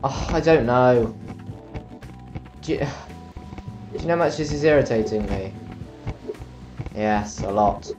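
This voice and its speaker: A man's voice: medium pitch, expressive, measured pace, long pauses, a little mellow, soft background music. A tired young man giving rambling, self-mocking commentary while playing a video game. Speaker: let's play commentator. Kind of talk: casual gameplay commentary.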